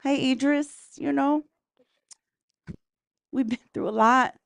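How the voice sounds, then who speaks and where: A woman's voice: high voice, fairly even intonation, slow pace, gravelly, no room sound. A woman doing a brash, profane stand-up comedy set in a comedy club, talking straight to the crowd.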